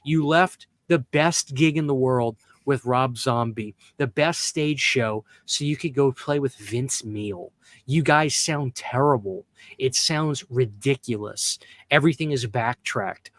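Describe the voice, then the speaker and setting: A man's voice: mid-range voice, a bit bright, no echo. A man hosting a podcast in casual chat, ranting bluntly and emphatically with plenty of profanity. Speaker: podcast host.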